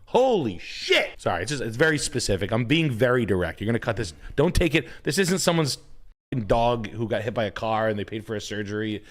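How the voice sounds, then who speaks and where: A man hosting a casual podcast, ranting bluntly and profanely and sometimes jumping into a shout. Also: lowish voice, lively intonation, quick pace. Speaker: podcast host.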